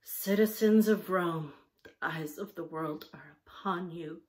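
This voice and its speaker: A woman's voice: on the low side, a little slow, a little mellow, lightly acted. A woman voicing a dramatic young girl who makes mock-solemn, theatrical pronouncements in a storybook reading.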